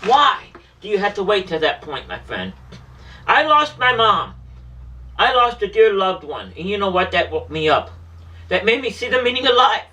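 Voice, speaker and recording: Man, earnest self-styled messenger, high bright voice, recorded from a distance. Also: sing-song, normal speed. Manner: pleading, repetitive, emotional. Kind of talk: emotional monologue to camera.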